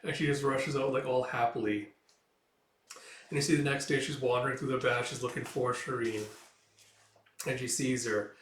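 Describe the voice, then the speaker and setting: A man's voice: mid-range voice, fairly even intonation, moderate pace, long pauses. A man casually reading and retelling a comic, with many fillers. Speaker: comic reviewer. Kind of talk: casual read-through of a comic. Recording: roomy, mic at a distance.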